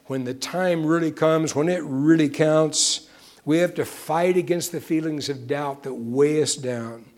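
A man's voice: mid-range voice, a little mellow. A man preaching a sermon in an earnest way, often dropping to a near-whisper on key phrases. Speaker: pastor.

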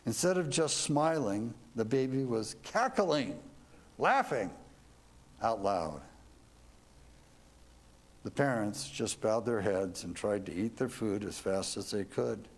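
Slow earnest male preacher. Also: lowish voice, lively intonation. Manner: earnest, reflective, with rhetorical questions. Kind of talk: devotional storytelling sermon.

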